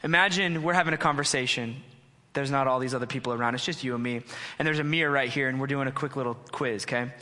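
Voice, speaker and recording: A man's voice: mid-range voice, fast, sharp tone. A young adult man preaching a sermon from a church stage, earnest and conversational, telling stories and poking fun at himself. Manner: conversational, earnest, self-deprecating storytelling. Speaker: pastor. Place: church stage with long reverb. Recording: reverberant hall sound.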